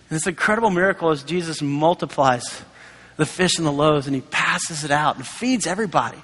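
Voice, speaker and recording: A man's voice: a little high, a little fast, fairly bright tone, breathy edge. A man preaching a sermon in a conversational way, acting out quoted voices along the way. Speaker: pastor. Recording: long hall reverb.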